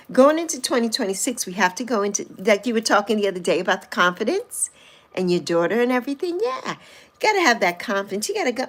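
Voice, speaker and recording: A woman in her sixties chats on her livestream in a fairly high voice that swoops up and down. She reads viewer comments aloud and answers them, teasing them and laughing often. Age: 60s. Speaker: livestream host. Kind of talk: casual livestream chat with viewers.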